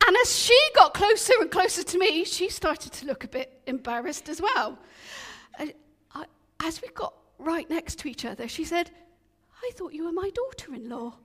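A woman telling stories in a sermon to a church congregation, chatty and lively, asking her listeners questions as she goes. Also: extremely high pitch, moderate pace. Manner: animated, chatty, asks the audience questions. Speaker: preacher leading an all-age church talk. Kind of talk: storytelling sermon. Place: church hall. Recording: long reverb of a church.

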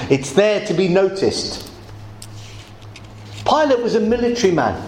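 A man preaching a sermon, explaining scripture step by step with emphatic, animated delivery. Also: on the high side, roomy sound, a little hiss or hum, rough recording.

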